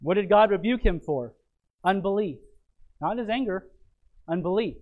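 A man's voice: sits high, lively intonation, normal speed, phone-quality sound. A man preaching a sermon, repeating key phrases for emphasis and asking rhetorical tag questions of his listeners.

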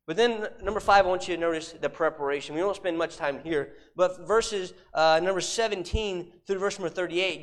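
A man preaching a sermon, emphatic, repeating rhetorical questions and dropping suddenly to a hush. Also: high-pitched.

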